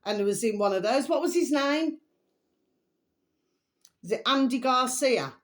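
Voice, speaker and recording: A woman's voice: high voice, expressive, a little slow, a bit bright. Middle-aged woman, vlog host, rambling, emphatic opinion chat. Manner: rambling, chatty, repeats pet phrases, emphatic. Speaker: vlogger host. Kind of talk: casual opinion monologue to camera.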